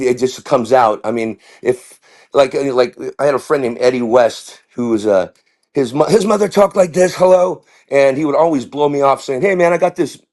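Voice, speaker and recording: A stand-up comedian guest telling rambling, tangent-filled stories in casual chat. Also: male voice, medium pitch. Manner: rambling, tangent-prone, full of restarts and voices.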